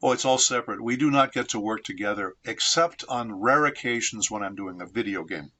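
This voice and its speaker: Bright-voiced man telling studio stories. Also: fairly low pitch. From San Diego, United States. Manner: measured, reflective storyteller. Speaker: voice actor guest. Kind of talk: anecdotal interview storytelling.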